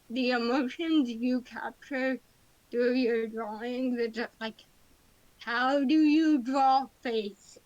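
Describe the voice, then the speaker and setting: Slow-talking woman streamer, high voice. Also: dry recording, muffled recording. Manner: playful, whiny mock-crying. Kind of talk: casual stream chat while gaming and drawing.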